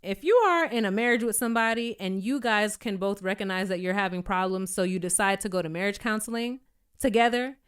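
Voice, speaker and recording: A young woman recapping a reality show in a chatty, sassy way, acting out the cast's quotes in higher voices. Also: a little fast, clean tone. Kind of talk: casual recap commentary.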